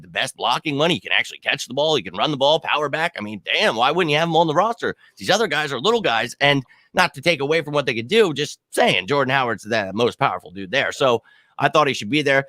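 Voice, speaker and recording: A man's voice: mid-range voice, sharp tone, no echo, clean studio sound. A man in casual sports podcast chat, talking emphatically and heatedly like a passionate fan. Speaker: podcast co-host.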